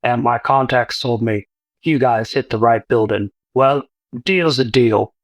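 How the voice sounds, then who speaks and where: A man's voice: mid-range voice, unhurried, no room sound, close to an everyday voice. A man voicing a blunt streetwise orc dealer. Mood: businesslike.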